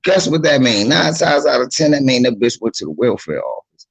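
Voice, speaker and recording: A man's voice: mid-range voice, big pitch swings, brisk, vocal fry, breathy edge, poor audio. A man giving blunt, profane, streetwise advice in a casual monologue, acting out the voices of the people he talks about. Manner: acts out quoted voices of others.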